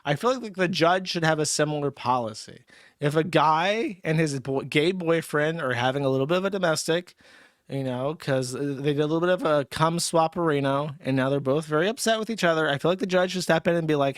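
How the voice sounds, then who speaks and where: A man's voice: fairly high pitch, animated, brisk, a bit bright, no echo, studio quality. A man hosting a casual livestream, talking in a crude, sardonic, rambling way while a little tipsy. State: tipsy from drinking. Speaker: streamer host.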